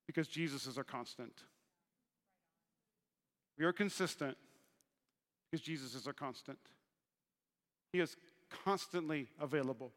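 A young man preaching a sermon, telling a story with animated swings from hushed lines to shouts. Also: on the high side. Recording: reverberant hall.

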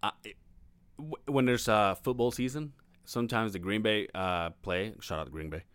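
A man's voice: fairly low pitch, normal speed, a bit bright, smooth, no echo. A man co-hosting a casual podcast, telling a long story with lots of swearing and laughing as he goes. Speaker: podcast co-host.

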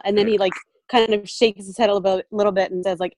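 A woman's voice: medium pitch, steady tone, fast talker, a little mellow. A woman guest on a podcast, talking casually, full of "like" and frequent laughter. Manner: chatty, laughs often, lots of "like". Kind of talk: casual chat.

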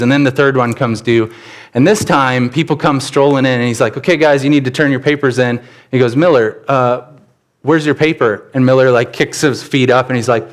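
A middle-aged male pastor delivers his sermon briskly in a mid-range voice, telling stories and voicing the people who appear in them.

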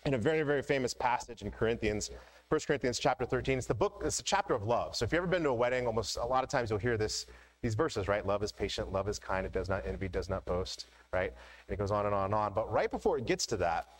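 A man's voice: mid-range voice, lively intonation, fast, poor audio. Conversational middle-aged male pastor. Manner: conversational, storytelling, frequent "right?" asides. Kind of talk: sermon.

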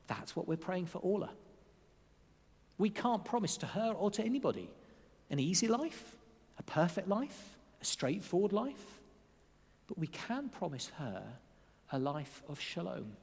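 An earnest male pastor delivers a sermon during a church service. His voice sits slightly high and moves expressively across a wide range, slowing down to stress key phrases. The sound rings with the long reverb of a large church hall. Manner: expressive, warmly earnest preaching with slowed emphatic phrases.

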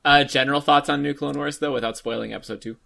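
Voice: medium pitch, steady tone, fast talker, gravelly, crowd noise. A podcast host in casual chat, speaking dryly and steering the talk to the next question.

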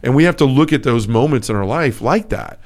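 A man's voice: medium pitch, animated, a little fast, a little mellow. A man co-hosting a Catholic talk show, telling a personal story in an earnest, casual way with frequent restarts. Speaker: podcast co-host. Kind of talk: casual faith discussion.

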